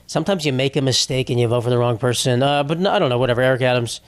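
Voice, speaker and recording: A man's voice: medium pitch, racing, clean tone, no room sound. A young man hosting a solo comedy podcast, ranting in a rambling, profane, exasperated way. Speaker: podcast host.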